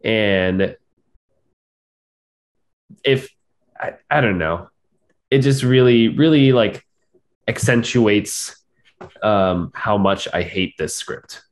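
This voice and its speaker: Blunt, sarcastic man with a low voice. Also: slow, long pauses. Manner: blunt and sarcastic, with frequent fillers and repeats. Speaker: film review podcast co-host. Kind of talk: casual review chat.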